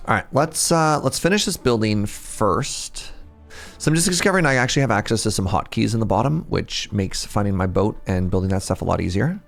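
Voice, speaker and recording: Man streamer, joking play-by-play, gravelly and animated, soft game music under. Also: fairly low pitch, brisk. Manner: chatty, joking, reacts aloud. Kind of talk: casual gameplay commentary.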